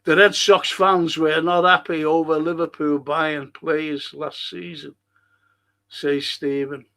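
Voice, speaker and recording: A man's voice: fairly high pitch, level tone, takes it slowly, vocal fry, fairly bright tone. A man hosting a livestream podcast, reading out chat comments and ranting heatedly with constant swearing and rhetorical questions. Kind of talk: profane livestream rant.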